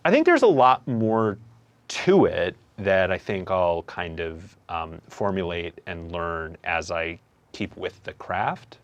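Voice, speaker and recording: Young male comedian-host, low-pitched, thoughtful and halting, casual interview talk. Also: very animated, highs cut off. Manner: reflective, hesitant, many fillers and restarts.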